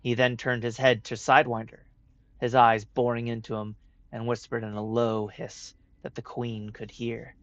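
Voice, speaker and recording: A man reading a fan story aloud in steady narration. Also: medium pitch, moderate pace, no echo. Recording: dry, dull lo-fi with faint music.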